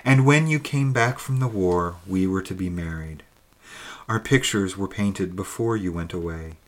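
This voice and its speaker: A man reading the lines of a young woman's ghost, once burned as a witch, in a soft, intimate, pleading way. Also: deep voice, normal speed, lightly acted. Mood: sorrowful.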